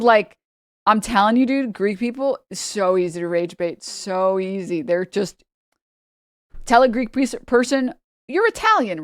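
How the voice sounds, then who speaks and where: A woman from New York, a streamer reacting to clips in casual commentary, emphatic and repetitive, swinging loud for effect. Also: mid-range voice, no room sound, studio quality.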